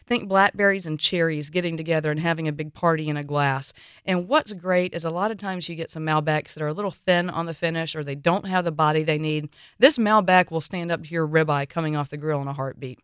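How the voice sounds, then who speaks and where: A woman's voice: deep voice, brisk, clear, resonant tone, no echo, clean studio sound. A woman hosting a radio wine show, chatty and opinionated, giving enthusiastic recommendations.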